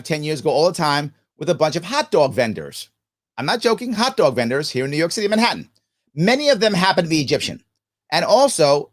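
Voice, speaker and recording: Male live-stream host, emphatic commentary, higher voice, very lively intonation. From United States. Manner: animated, emphatic, acts out quoted voices.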